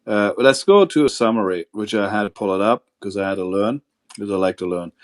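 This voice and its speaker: A man's voice: lowish voice, brisk. Joking, profane male stream host. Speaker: livestream host. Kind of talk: casual call-in stream chat.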